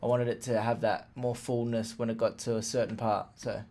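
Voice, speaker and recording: A man's voice: mid-range voice, brisk. Laid-back man explaining his beat. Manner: relaxed, plain-spoken, fillers like "like" and "literally". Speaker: music producer explaining a beat. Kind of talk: casual tutorial walkthrough. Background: faint playback of his beat.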